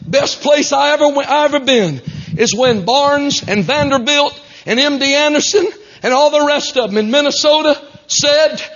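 A man, a traveling Pentecostal preacher telling stories in a fiery revival sermon, fervent and breaking into shouts and whoops. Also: very high-pitched, expressive, moderate pace, in a large hall. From South Arkansas. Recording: dull lo-fi recording.

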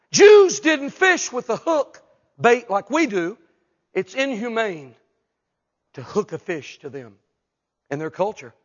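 A man preaching a humorous sermon, acting out voices and shouting for emphasis. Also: high-pitched, dull audio. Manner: animated, jokes and acts out voices, shouts for emphasis.

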